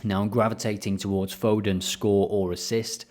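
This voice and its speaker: Chatty low-voiced football tipster man. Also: flat delivery, normal speed, darkish tone. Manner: chatty, thinking aloud with fillers. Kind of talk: casual screen-share analysis.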